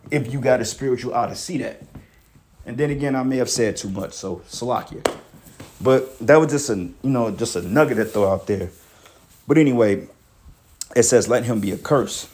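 A man's voice: mid-range voice, darkish tone, slight background noise. A man preaching a blunt, profane sermon, reading scripture aloud and confronting critics, peppering his speech with "man" and "bro".

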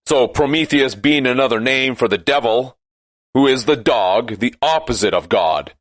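A man delivering an impassioned, sarcastic monologue that at times rises to shouting. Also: medium pitch, animated, normal speed, no room sound.

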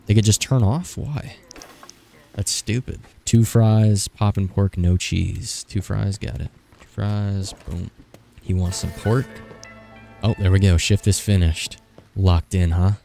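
A man's voice: lowish voice, steady tone, slow, vocal fry, dark tone, faint music behind. A young man in his twenties doing casual, frantic gameplay commentary, swearing and joking to himself as he plays. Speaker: gaming streamer.

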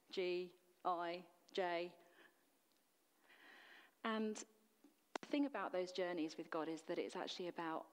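Woman preaching a sermon in a reverberant church. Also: lowish voice. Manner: earnest, emphatic, rhetorical questions.

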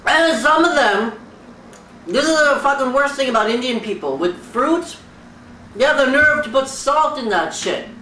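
A young comic from Fiji delivers a loud, profane rant full of exaggerated outrage, like a mock talk-show host. The tone is bright and sharp, and the mic sits back from the speaker in a roomy space with faint hiss behind. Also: high voice, normal speed, far from the mic. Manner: loud, animated, swearing constantly, exaggerated outrage. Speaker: comedian recreating a talk show.

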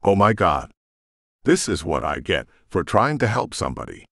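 A man narrating an audiobook and voicing an angry, defensive young woman with a sharp, accusing manner. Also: sits low, sing-song, moderate pace, creaky, no echo, studio quality, heavily acted. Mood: indignant. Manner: indignant, accusing.

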